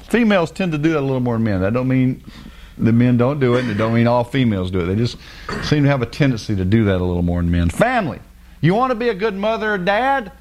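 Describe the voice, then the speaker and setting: A man's voice: sits high, a bit bright. A man preaching a casual, folksy sermon in plain everyday words. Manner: folksy, plain-spoken, mimics people with sing-song voices.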